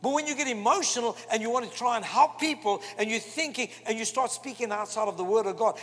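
Male preacher, very high and breathy voice, emphatic sermon delivery, roomy hall reverb. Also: fairly quick, few pauses. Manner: emphatic, animated preaching with quoted asides. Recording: long hall reverb with faint music.

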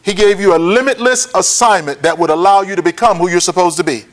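A man teaching a Bible lesson, often checking that listeners follow and repeating key points slowly for notes. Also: high voice. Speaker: preacher.

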